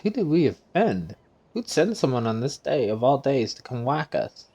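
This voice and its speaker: A man's voice: medium pitch, big pitch swings, moderate pace, darkish tone. Playful man reading game lines aloud. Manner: playful, reads every character's lines himself and laughs often. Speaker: gaming channel host. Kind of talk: reading game dialogue aloud while playing.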